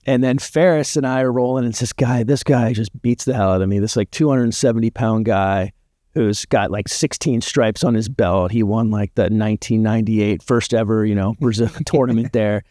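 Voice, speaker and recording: Man, podcast guest, casual storytelling, filler-heavy, low-ish pitch, dry mic. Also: normal speed, dry recording. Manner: relaxed storyteller with frequent "like" fillers.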